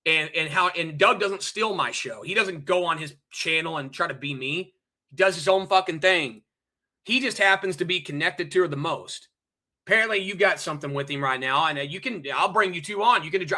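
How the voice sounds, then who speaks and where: A livestream host with a high, sharp-toned male voice rants angrily at his chat. He is profane and repetitive, speaking to the chat directly and hammering listeners with rhetorical questions.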